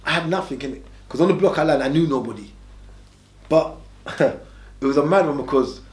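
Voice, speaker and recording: Fast-talking slang man. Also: on the high side. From England. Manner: fast, streetwise, repetitive emphatic phrasing. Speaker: interview guest. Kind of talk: casual conversational storytelling. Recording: echoey room.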